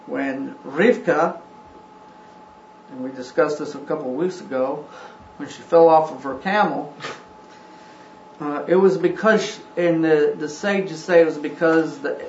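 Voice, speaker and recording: A man teaching a scripture class. He talks haltingly, with frequent ums and restarts. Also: on the high side, a little hiss or hum. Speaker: religious teacher. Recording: roomy, dull recording.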